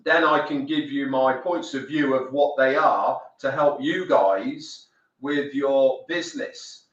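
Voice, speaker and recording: A man's voice: medium pitch, slow pace, a bit bright. A man hosting a live stream, talking earnestly and emphatically about his work. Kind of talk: casual chat. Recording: distant, roomy, dull lo-fi audio.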